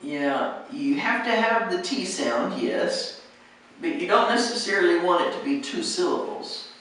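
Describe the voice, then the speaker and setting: A woman's voice: on the low side, lively intonation, a bit bright. Patient American woman coaching pronunciation. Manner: patient, encouraging, models words slowly. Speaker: pronunciation teacher. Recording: echoey room, distant mic, faint noise.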